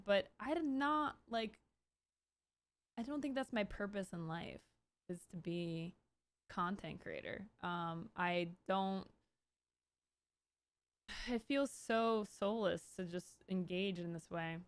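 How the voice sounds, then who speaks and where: A woman in her thirties streaming live, talking casually in a rambling, animated way with many restarts and bursts of exasperation. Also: on the low side, slow, long pauses, no room sound. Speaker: Twitch streamer hosting her own stream. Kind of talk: casual livestream commentary.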